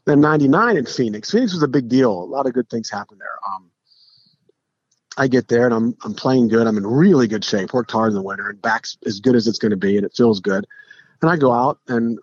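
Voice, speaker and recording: A middle-aged man, a podcast guest, telling stories in a casual, animated way, with frequent restarts and acted-out quotes. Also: medium pitch, a little fast, no echo. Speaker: podcast guest, pro golfer. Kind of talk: casual storytelling. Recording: dull lo-fi podcast audio.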